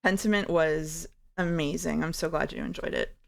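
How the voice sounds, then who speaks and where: A woman's voice: low voice, fairly even intonation, moderate pace, gravelly. A woman hosting a stream, chatting playfully and joking with a guest as they play music guessing games. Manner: playful, giggly, jokey. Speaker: streamer host. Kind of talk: casual chat while playing music games.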